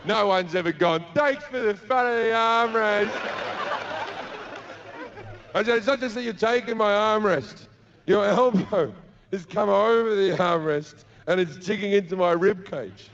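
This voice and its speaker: A man's voice: sits high, normal speed, vocal fry, a faint crowd. Crude Australian man telling a stand-up story. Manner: crude, profane, acts out the people in his story. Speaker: stand-up comedian. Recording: dull lo-fi live recording with noise.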